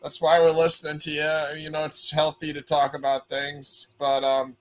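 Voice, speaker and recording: A man with a slightly high voice offers calm counsel grounded in faith. He speaks in a steady, reassuring way and keeps saying "man" to the person he is advising. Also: normal speed, low-quality recording. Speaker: panel host. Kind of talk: faith-based advice, casual talk.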